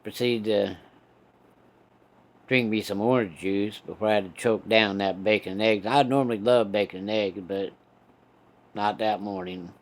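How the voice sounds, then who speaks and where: A man's voice: lowish voice, fairly even intonation, moderate pace, long pauses. Folksy man telling a story. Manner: folksy, profane, laid-back drawl of a storyteller. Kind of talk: casual storytelling.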